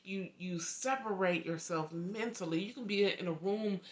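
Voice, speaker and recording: A woman's voice: medium pitch, moderate pace. A young woman talking to her camera in an earnest, heartfelt way, often repeating words for emphasis. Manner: earnest, emphatic repetitions, lively swings in loudness. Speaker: vlogger and author. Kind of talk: heartfelt direct-to-camera talk.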